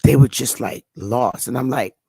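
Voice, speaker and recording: A woman's voice: extremely low pitch, normal speed, gravelly, dark tone, husky, no echo. Woman telling a story in a dry close voice. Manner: rambling, repeats and restarts words. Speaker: channel host. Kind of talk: casual storytelling monologue.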